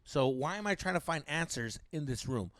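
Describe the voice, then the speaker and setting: A man's voice: on the high side, animated, normal speed, no room sound. A young man co-hosting a casual podcast, telling crude, jokey stories and dropping in Spanish words. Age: young adult. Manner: loud, crude, jokey storyteller who mixes in Spanish words. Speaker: podcast co-host. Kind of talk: casual chat.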